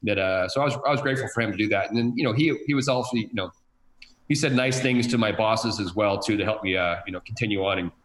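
A man's voice: fairly low pitch, quick pace, fairly bright tone, echoey room, rough recording. A man telling stories from his career in sports television, rambling with many repeated words and fillers. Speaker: guest, sports TV director. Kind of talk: casual chat.

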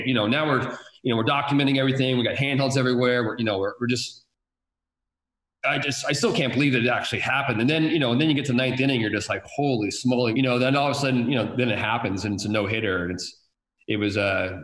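Man, TV director, halting emotional storyteller, mid-pitched voice, echoey room. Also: fairly bright tone. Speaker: TV sports director. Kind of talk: casual storytelling. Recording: roomy echo.

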